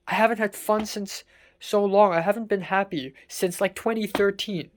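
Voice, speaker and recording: Young adult vlogger, from Hong Kong, rants through a rough day, salty, swears a lot, mid-pitched voice. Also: steady tone, normal speed. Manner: venting, exasperated, swears often. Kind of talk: casual storytelling monologue.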